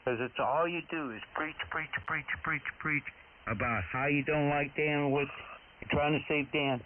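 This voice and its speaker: A man's voice: fairly high pitch, steady tone, moderate pace. A man scolds another operator over the air, hammering the same points again and again in a heated voice. The sound is narrow and tinny, like a shortwave signal, with a light hiss beneath it. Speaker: ham radio operator. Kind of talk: angry on-air rant.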